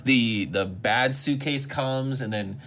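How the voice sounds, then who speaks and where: A man's voice: medium pitch, slow pace, a bit bright, slight background noise. A man co-hosting a podcast, giving blunt, opinionated takes on a movie and swearing casually. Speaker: podcast co-host.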